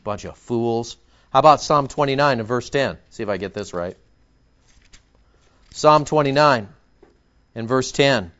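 A man's voice: medium pitch, a little slow, long pauses, a bit bright, muffled recording. A man preaching a sermon as pastor, emphatic and confrontational, scolding his listeners.

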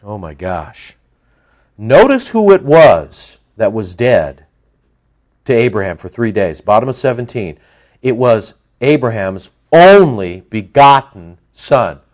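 A man preaching a sermon as pastor, animated, with lively emphasis and asides to his listeners. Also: medium pitch, slow pace.

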